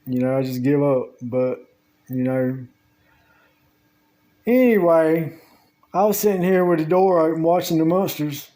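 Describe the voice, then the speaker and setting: At home with the door open, a vlogger spins a long, meandering story about his day in a casual monologue. He drawls slowly, using Southern US grammar, and his voice is fairly high with a warm tone.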